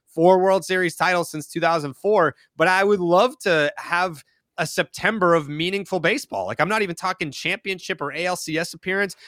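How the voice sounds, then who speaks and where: Bright-voiced man rambling with filler. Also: fairly high pitch, no room sound, studio quality. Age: 30s. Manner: rambling, heavy use of "like" filler. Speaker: podcast guest. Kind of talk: casual chat.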